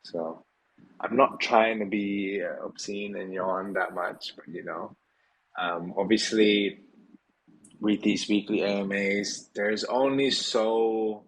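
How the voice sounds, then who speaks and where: A man's voice: fairly low pitch, steady tone, slow pace, slight background noise, low-quality recording. A tired man hosting a casual live audio Q&A, rambling with many fillers and yawning late at night. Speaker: host of a community Q&A.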